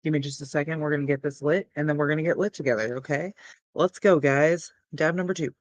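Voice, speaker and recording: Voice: mid-range voice, steady tone, fast talker. A young adult streamer chats to viewers in a loose, laid-back, rambling manner, talking casually and at length. The voice sits in a middle range and is caught close on a dry mic with no room echo. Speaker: cannabis livestream host. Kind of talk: casual livestream chat.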